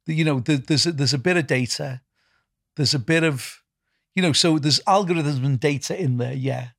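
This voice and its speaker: A man's voice: on the high side, normal speed, creaky, a bit bright, no echo, clean studio sound. A middle-aged man with a Liverpool accent answering interview questions in a rambling, casual way, repeating words and filling gaps with "you know". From England. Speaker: festival founder and music executive.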